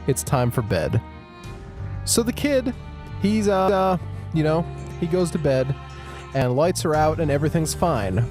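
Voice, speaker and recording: A man hosting a podcast, telling a creepy story in a wry, animated way. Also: on the high side, normal speed, music in the background. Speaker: podcast host. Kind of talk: casual storytelling.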